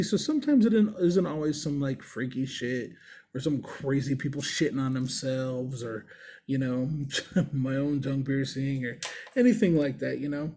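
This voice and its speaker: A body piercer telling a story in a casual, rambling, laid-back way, swearing freely. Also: male voice, mid-range voice, dark tone, slight background noise.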